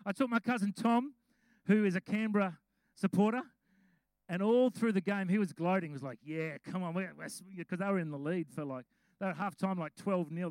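Chatty pastor with high voice. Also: male voice, no echo, rough recording. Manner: chatty storytelling with laughs; reads scripture slowly. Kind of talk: sermon.

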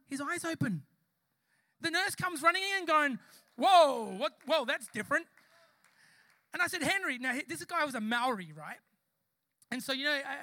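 Preacher guy with a high bright voice, fired up, talking right at the church, dry close sound. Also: dry recording. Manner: impassioned, addresses the congregation directly. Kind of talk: live church sermon with storytelling. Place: church service before a congregation.

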